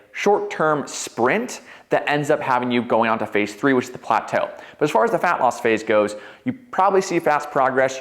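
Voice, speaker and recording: A young man, a fitness coach, giving an energetic, conversational whiteboard talk and often checking in with "right?". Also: medium pitch.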